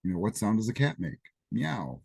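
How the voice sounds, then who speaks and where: A Greek man with a fairly low, mellow voice teaches a live programming class from a classroom or office, talking fast and expressively. He's chatty and casual, throwing in asides during his coding demo. The recording is dry.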